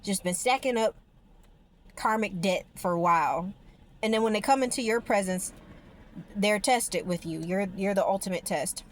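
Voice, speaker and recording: A woman's voice: medium pitch, moderate pace, a little hiss or hum. A woman vlogger talking casually to her viewers about spirituality, rambling and emphatic, with the odd swear word.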